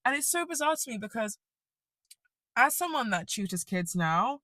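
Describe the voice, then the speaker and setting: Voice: mid-range voice, very animated, moderate pace, bright, forceful tone, no room sound. A young adult telling a casual, rambling storytime rant, swearing freely and laughing often. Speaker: vlogger.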